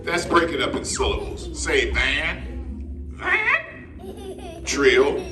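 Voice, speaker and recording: A man's voice: a little high, measured pace, recorded from a distance. A man performing as a ventriloquist for children, coaxing his puppet in a playful way. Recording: echoey room with loud noise.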